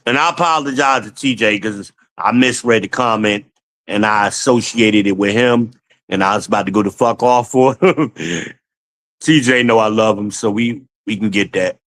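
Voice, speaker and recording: Hosting a livestream, a man reads chat out loud, swears freely, laughs a lot and calls his viewers y'all in casual commentary. His voice is lowish and fairly bright at a moderate pace, and the recording is rough.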